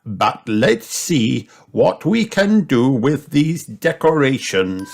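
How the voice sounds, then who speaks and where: A man voicing a jolly, playful old grandfather pig in a storybook, speaking in a hearty, drawn-out way. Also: mid-range voice, sing-song, creaky, pitched above the performer's own voice, exaggerated voice.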